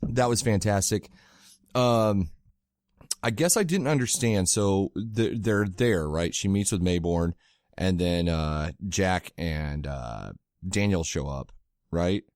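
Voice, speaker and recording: A man's voice: low-pitched, slow, a little mellow, no echo, clean studio sound. A man co-hosting a podcast in casual chat, swearing a lot and getting worked up as he retells scenes. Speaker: podcast co-host.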